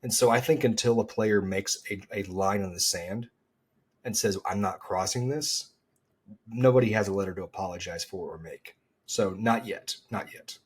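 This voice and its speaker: A man co-hosting a golf podcast, chatting in an animated, rambling way with frequent restarts. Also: on the low side, normal speed, slightly rough. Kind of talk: casual chat.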